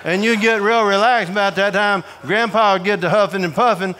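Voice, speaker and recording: A man from Georgia, preaching a humorous storytelling sermon to a prison audience in a folksy, animated way. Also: sits high, a little fast. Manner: folksy, animated, acts out voices in his stories.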